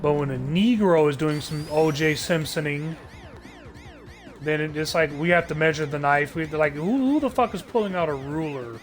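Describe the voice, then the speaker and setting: A man's voice: on the high side, normal speed, faint music behind. A man ranting sarcastically on a live stream, swearing often and stumbling through restarts. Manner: profane, heated, sarcastic ranting with frequent filler restarts.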